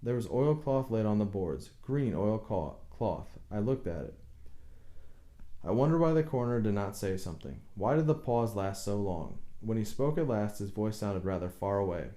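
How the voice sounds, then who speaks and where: Brief: male audiobook narrator, low and mellow, quiet, tense first-person reading. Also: lively intonation, normal speed.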